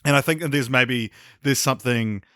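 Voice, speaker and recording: A man's voice: mid-range voice, moderate pace, fairly bright tone, dry recording, clean studio sound. A man co-hosting a podcast in casual chat, rambling with many restarts and hedges. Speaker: podcast co-host.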